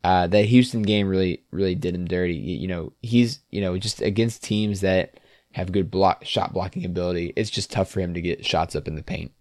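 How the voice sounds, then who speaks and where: A man's voice: deep voice, brisk, no room sound, studio quality. A man co-hosting a sports podcast, talking casually and laughing easily. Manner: relaxed, laughs often, trailing off. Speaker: podcast co-host.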